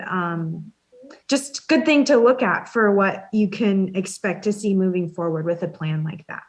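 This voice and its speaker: A woman on mapping staff explaining district options in a public meeting, methodical. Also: mid-range voice. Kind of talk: technical explanation.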